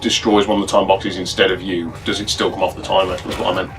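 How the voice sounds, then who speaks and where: Low-voiced man chatting over gameplay. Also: little pitch movement, fast, fairly bright tone. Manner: chatty, explains game mechanics at length. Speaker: let's play co-host. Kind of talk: casual gameplay commentary. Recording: distant mic with game music behind.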